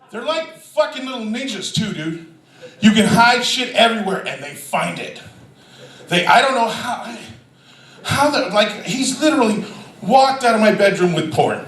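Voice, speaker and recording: A man doing a stand-up comedy set, telling a profane story with shouted quotes, animated and loud. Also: high voice, normal speed, reverberant, recorded from a distance, rough recording.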